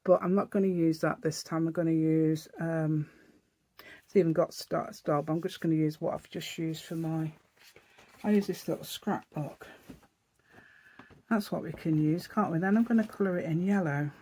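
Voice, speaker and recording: A woman's voice: deep voice, fairly even intonation, normal speed, warm tone. A woman with an East Midlands English accent, chatting and rambling as she demonstrates a paper craft project step by step. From East Midlands, England. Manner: rambling, chatty, thinking aloud while working. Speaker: craft channel host. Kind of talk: casual crafting tutorial.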